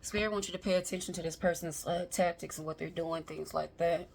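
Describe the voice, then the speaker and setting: A woman reads tarot in a chatty, emphatic way and talks straight to viewers. Her voice is fairly low and has a gravelly fry. Faint noise hums in the background. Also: steady tone, brisk, a little mellow. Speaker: tarot reader. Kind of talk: casual tarot reading to camera.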